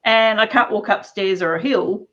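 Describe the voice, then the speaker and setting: Interview guest, woman, mid-range voice, lively storyteller, muffled recording. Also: mid-range voice, moderate pace. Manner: animated, laughs often mid-sentence. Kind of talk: personal storytelling in conversation. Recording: dull lo-fi recording.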